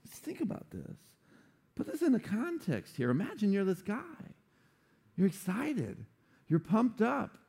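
A man preaching a sermon, animated and playful, acting out quotes for humor. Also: sits high, measured pace, vocal fry, breathy edge. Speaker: pastor.

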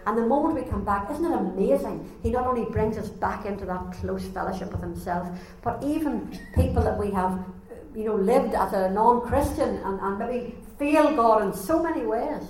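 A woman preaching a sermon, telling a story with animated delivery and acting out the voices. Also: on the high side, normal speed, hardly any pauses. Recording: echoey room, faint ambience.

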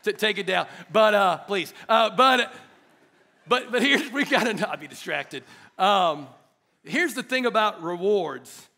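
A middle-aged man preaching a sermon to his church, animated and chatty, joking with the congregation. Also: sits high, unhurried. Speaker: pastor. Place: church hall.

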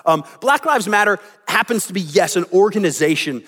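A man with a fairly high voice delivers a sermon in a relaxed, conversational way and slips into the voices of people in his stories. His words ring out with a long reverb from the hall. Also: brisk. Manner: conversational, acts out quoted lines. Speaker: pastor.

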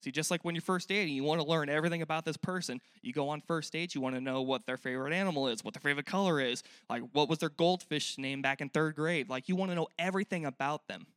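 A man's voice: a little high, fast, few pauses, fairly bright tone, smooth, no room sound, clean studio sound. Earnest young man preaching a sermon. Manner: earnest, conversational, asks the crowd questions. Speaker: pastor. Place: church.

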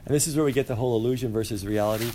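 A male teacher giving an animated, playful class lecture and asking his students questions. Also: mid-range voice, racing, a little hiss or hum. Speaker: high school teacher.

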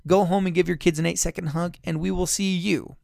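A man's voice: sits high, steady tone, a little fast, vocal fry, darkish tone, no echo, clean studio sound. A man hosting a solo parenting podcast, chatty and encouraging, often correcting himself mid-sentence. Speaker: podcast host. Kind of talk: casual solo podcast talk.

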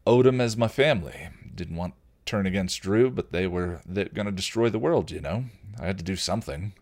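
A man's voice: low-pitched, a little fast, creaky, a little mellow. A man doing a wry, teasing vampire. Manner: dry, drawling and teasing.

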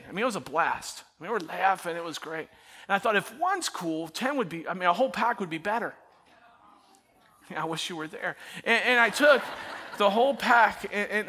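A middle-aged male pastor preaching in a church auditorium, his voice high-pitched and bright. He tells stories with lively, self-mocking energy and then softens into quiet, earnest prayer. The delivery is warmly conversational, like a man talking straight to his congregation. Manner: animated storytelling, self-mocking, turning quiet and prayerful at the close. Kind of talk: sermon.

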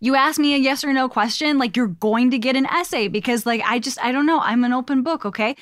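High-voiced chatty woman from Chicago. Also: fast talker, dry recording, clean studio sound. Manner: chatty, animated storytelling. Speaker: podcast co-host. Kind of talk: casual chat.

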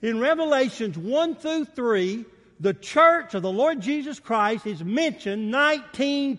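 A man preaching from the pulpit with a very high, lively voice that rises and falls across every phrase. He calls out to the congregation for amens and slips into voices for the people he quotes. The sound rings with the long reverb of a large church hall. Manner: emphatic preaching with call-and-response, acts out quotes. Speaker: pastor. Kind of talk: sermon. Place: church sanctuary.

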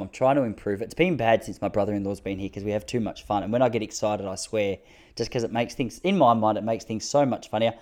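With a lowish, darkish voice, a man in his thirties speaking in an Australian accent spins crude, self-mocking comic yarns in a relaxed monologue, chuckling at his own gags.

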